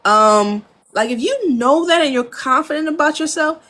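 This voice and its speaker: An American woman who works as an audio engineer and producer speaks frankly in a relaxed interview from her home studio. Her voice is high and her pace normal, and she laughs a lot while animatedly acting out conversations from the studio.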